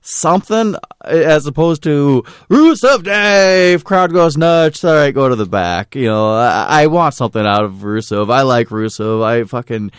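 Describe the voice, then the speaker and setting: A man's voice: mid-range voice, expressive, a little slow, hardly any pauses, clear, resonant tone, dry recording, studio quality. A man co-hosting a podcast in casual chat, blunt and swearing freely. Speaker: podcast co-host.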